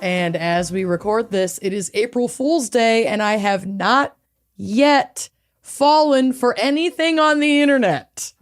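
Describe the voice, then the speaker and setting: A woman's voice: fairly high pitch, measured pace, clear, resonant tone, faint music behind. A woman co-hosting a casual podcast, joking and teasing her friend. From Minnesota. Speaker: podcast co-host. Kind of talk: casual chat.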